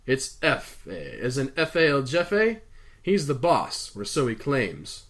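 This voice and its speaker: A man's voice: mid-range voice, wildly swooping pitch, slow pace, a bit bright, heavily acted. A man voicing an easygoing, helpful male cameraman with a folksy, wobbly attempt at a Southern drawl. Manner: folksy, slipping in and out of a put-on accent.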